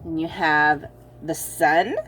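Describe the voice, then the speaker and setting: Casting: woman tarot reader, unhurried and teasing, with soft room noise behind her. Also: sits low, steady tone. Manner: chatty and teasing, laughs often, addresses viewers as y'all. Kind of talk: casual pick-a-card tarot reading.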